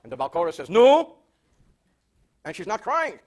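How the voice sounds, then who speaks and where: An older man with a notably high voice teaches a Torah portion as a rabbi. He reads each Hebrew phrase slowly, translates it, and drops in quick wisecracks along the way. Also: huge pitch swings, fairly bright tone. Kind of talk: verse-by-verse Torah class with jokes.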